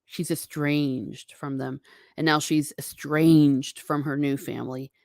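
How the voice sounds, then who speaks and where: Female host, American, casual and laughing, low-pitched, dry recording. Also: steady tone, slow pace, darkish tone, no echo. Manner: chatty, laughs often, reads viewer comments aloud. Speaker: livestream host reading chat. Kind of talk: casual chat.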